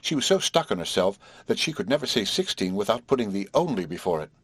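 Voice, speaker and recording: A man reading the part of a flippant, teasing young woman in an audiobook, with a husky voice and brash, drawn-out banter. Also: on the low side, big pitch swings, no room sound.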